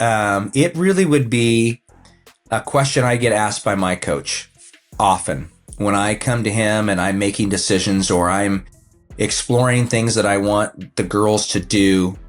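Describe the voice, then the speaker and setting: A man in his fifties speaks in a low, easy register as a podcast guest. He tells his stories in a relaxed, rambling way and often pauses on "uh" as he restarts a thought. Faint music sits quietly behind him. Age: 50s. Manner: relaxed and anecdotal, with frequent "uh" fillers and restarts. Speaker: podcast guest, financial advisor and coach. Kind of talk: casual conversational storytelling.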